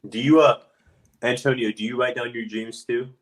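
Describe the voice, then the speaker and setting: A man's voice: mid-range voice, steady tone, normal speed, crowd noise. A man chiming in with history facts during casual chat.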